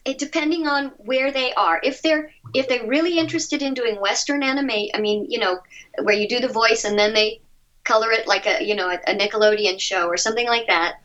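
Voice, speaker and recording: A woman's voice: fairly high pitch, fairly bright tone, dull audio. A woman voice actress giving chatty, upbeat advice as an interview guest over a remote line. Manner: chatty, upbeat, quick asides. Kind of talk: casual interview answers.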